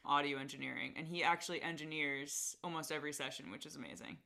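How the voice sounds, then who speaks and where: A woman's voice: sits low, fairly even intonation, fast talker, gravelly, bright, forceful tone. A young woman in casual interview chat, talking about her podcast with lots of "like" and frequent laughs. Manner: chatty, lots of "like", laughs often. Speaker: podcast host as guest.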